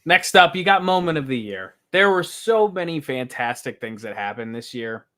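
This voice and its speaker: A man's voice: fairly high pitch, very animated, fairly bright tone, a little hiss or hum. Earnest man presenting award nominees. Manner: earnest, halting, stumbles over phrasing. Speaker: podcast co-host presenting categories. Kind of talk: casual chat.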